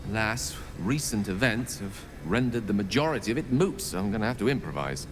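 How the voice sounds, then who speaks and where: A man's voice: fairly low pitch, animated, brisk, a little hiss or hum, close to an everyday voice. An actor playing a witty, self-mocking male wizard in a video game, talking in a wry, chatty way. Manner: wry, talkative, self-deprecating.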